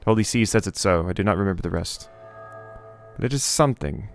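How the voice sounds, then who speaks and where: A man's voice: lowish voice, expressive, fairly quick, faint music behind. A man voicing a proud, zealous male gull in a video game, in a pompous, formal way with broken phrasing. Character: proud zealous talking gull, a male sea bird guard.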